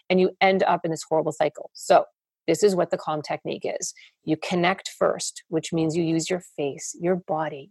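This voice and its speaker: A woman's voice: lowish voice, gravelly, darkish tone, husky, no room sound. A woman therapist explaining parenting techniques in a podcast interview, now and then acting out what parents and children say. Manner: explains steadily and acts out quoted parents and children.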